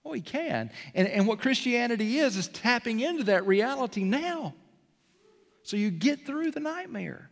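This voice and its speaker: A man preaching a sermon as pastor, animated and self-deprecating, swinging from soft to loud. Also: very high-pitched, moderate pace, gravelly. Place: large church sanctuary. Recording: long hall reverb.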